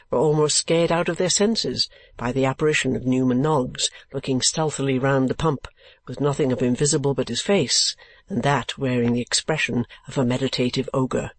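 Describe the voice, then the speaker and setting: A man reading a classic novel aloud as an audiobook narrator, with measured storytelling. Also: medium pitch, dry recording.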